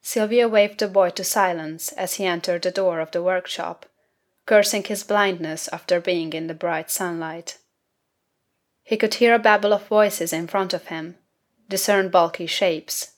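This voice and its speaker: Woman, audiobook narrator, lower voice, measured, unhurried, scripted literary reading. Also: fairly even intonation.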